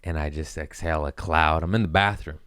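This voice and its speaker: Male podcast host with a deep voice, telling profane, self-mocking stories in a casual comedic way, close and dry. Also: steady tone, brisk, fairly bright tone, clear, resonant tone, dry recording.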